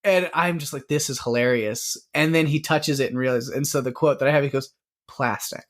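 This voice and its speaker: Rambling man co-hosting a podcast. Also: mid-range voice. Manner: rambling, many "like"s, quick laughs. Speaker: podcast co-host. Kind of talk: casual movie review chat.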